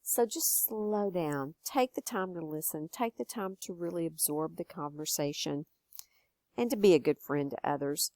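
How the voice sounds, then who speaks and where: An older woman, teaching students in a gentle, encouraging way. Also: low voice, moderate pace, no room sound. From Texas. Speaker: educator. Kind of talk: friendly recorded lesson for students.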